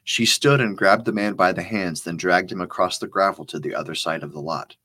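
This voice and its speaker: A man, the author, reading his spy thriller aloud in a steady, measured narration. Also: low-pitched. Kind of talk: scripted audiobook narration.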